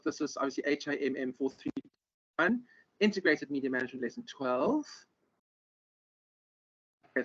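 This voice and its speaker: A man's voice: mid-range voice, fairly bright tone. A man giving an online lecture, rambling with many ums and restarts over a video call. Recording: muffled lo-fi audio.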